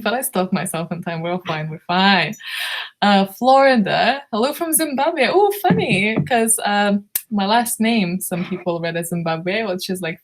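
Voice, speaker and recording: Hosting a book club live stream, a Lithuanian woman reads through viewer comments, drowsy, giggly, and rambling. Her medium-pitched voice is hoarse and worn out, as if she's losing it.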